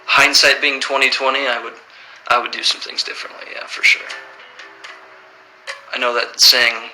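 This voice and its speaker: A man's voice: medium pitch, moderate pace, faint music behind, low-quality recording. A man in his thirties casually reading out fan questions on a livestream and answering them plainly. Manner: relaxed, reads questions aloud then answers plainly.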